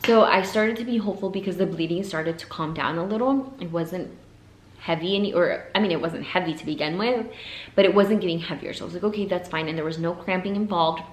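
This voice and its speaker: Young woman vlogger, lower voice, emotional storytelling with whispered breaks; roomy sound. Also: fast talker. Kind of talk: personal storytelling to camera. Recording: echoey room, faint ambience.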